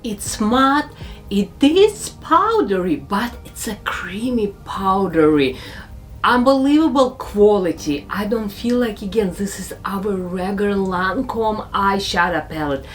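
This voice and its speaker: A woman narrating a makeup tutorial as a beauty vlogger, speaking slow, careful English with non-native phrasing. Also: medium pitch, animated, soft background music.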